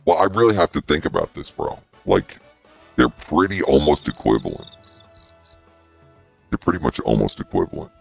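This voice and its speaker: A man talking in a casual group voice chat through a voice-changer filter, slow and hesitant, mulling things over aloud. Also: extremely low pitch, sing-song, vocal fry, music in the background.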